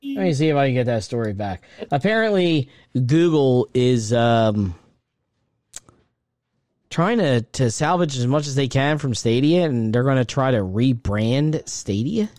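Excitable podcast guy, voice jumps all over, dry close mic, laughs a lot. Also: medium pitch, unhurried, dry recording. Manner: animated, excitable, laughs often. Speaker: podcast co-host. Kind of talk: casual chat, reading gaming news aloud.

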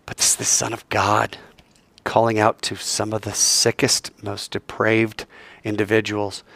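A man's voice: lowish voice, measured pace, gravelly, dry recording. A man preaching a sermon, telling the story with energy and acting out the voices of the people in it. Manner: animated storytelling, acts out voices, swings from loud to soft.

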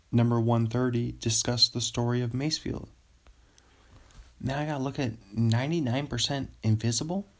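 A man hosting his own podcast in the small hours, talking in an unhurried, rambling way. His voice has a gravelly fry to it. He drifts between ideas and breaks into excited laughter. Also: mid-range voice. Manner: loopy, rambling, excitable with sudden laughing bursts. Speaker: podcast host. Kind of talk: solo late-night podcast ramble.

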